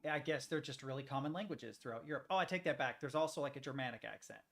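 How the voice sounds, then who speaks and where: A man's voice: medium pitch, fast talker, vocal fry, fairly bright tone. A young American man chatting casually to his stream while he plays a game. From United States. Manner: chatty, rambling, talks to chat. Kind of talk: casual gameplay commentary.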